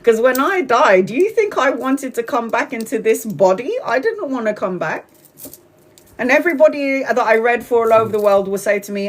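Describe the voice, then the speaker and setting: A woman's voice: fairly high pitch, animated, moderate pace. Blunt, swearing tarot reader woman in her forties. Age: 40s. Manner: blunt and emphatic, swears freely. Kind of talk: live-streamed tarot reading, casual talk.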